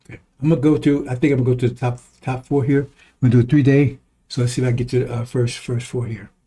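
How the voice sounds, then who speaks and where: A man's voice: mid-range voice, little pitch movement, rapid-fire, warm tone, slightly rough. A man giving a blunt, profane, preaching-style monologue, repeating lines for emphasis and chuckling between remarks. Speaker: online commentator.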